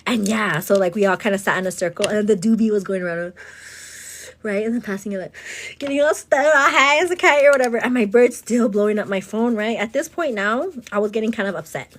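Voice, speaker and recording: A woman's voice: medium pitch, a little fast. Chatty woman vlogger, rambling girl talk. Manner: slips in Spanish phrases. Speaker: vlogger and host. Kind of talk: casual storytelling while getting ready.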